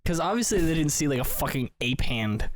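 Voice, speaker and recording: A man co-hosting a podcast, chatting casually and tossing out quick joking questions. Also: on the high side, big pitch swings, slight background noise. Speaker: podcast co-host. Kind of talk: casual chat.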